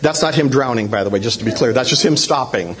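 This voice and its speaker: A man telling a lively personal story to a church congregation, acting out shouts in a raised voice. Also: mid-range voice, quick pace. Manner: animated, acts out shouts in a raised voice. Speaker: church speaker telling a testimony.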